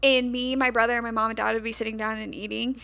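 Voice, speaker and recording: A woman's voice: a little high, flat delivery, quick pace, vocal fry, pushed and bright, clear, resonant tone. A woman with a light American country twang, co-hosting a podcast in casual chat and telling long detailed stories. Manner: chatty storyteller, talks a lot, drawls some words. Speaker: podcast co-host.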